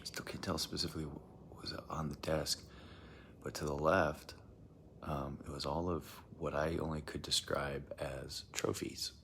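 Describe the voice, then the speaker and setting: A man describes something odd that happened to him, his deep, rumbling voice barely moving in pitch and moving at a measured pace, a bit bright in tone. The telling is rambling and hesitant, slipping into whispers, with a little hiss or hum in the background.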